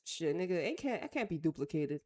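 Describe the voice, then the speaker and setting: A woman's voice: low-pitched, very animated, fairly quick, darkish tone. A woman with an American accent hosting a casual talk show, reading news aloud and reacting bluntly in slangy, offhand remarks. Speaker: host.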